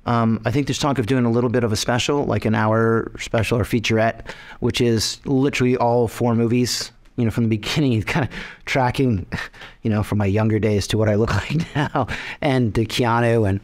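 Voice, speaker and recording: A man's voice: medium pitch, fairly even intonation, a little fast. A man answers interview questions about his films in a loose, rambling way. He restarts his sentences often and laughs between thoughts. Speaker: film director being interviewed. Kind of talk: casual interview.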